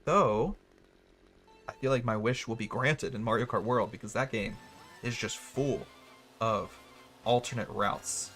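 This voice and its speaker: A man's voice: mid-range voice, steady tone, moderate pace, fairly bright tone, faint music behind. A man casually commentating a racing game livestream, chatty and self-mocking, with hiccups and a little wheezing. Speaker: streamer.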